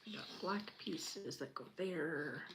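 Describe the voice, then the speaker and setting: A woman chatting casually as she builds a Lego set. She gushes with a lot of fillers and often drops to a quiet murmur. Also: sits low, slow pace, background noise. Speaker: channel host.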